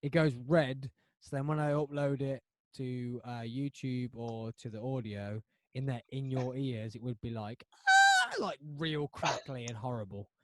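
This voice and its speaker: A man hosting a podcast, telling a story in a rambling, animated way with lots of restarts. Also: medium pitch, normal speed, slight background noise. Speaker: podcast host. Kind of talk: casual chat.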